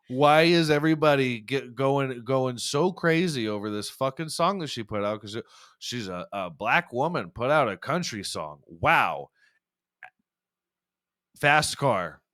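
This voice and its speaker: A man's voice: mid-range voice, lively intonation, slow pace, long pauses, fairly bright tone, no room sound. Young man, podcast host, rambling profane rant, stumbling restarts, dry close mic.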